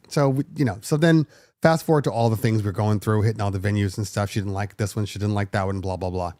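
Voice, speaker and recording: A middle-aged man, a DJ hosting his own podcast, telling a personal story in a casual, animated way with plenty of fillers. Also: lowish voice, a little fast, dry recording, studio quality. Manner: animated, emotional retelling with many fillers. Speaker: podcast host and DJ.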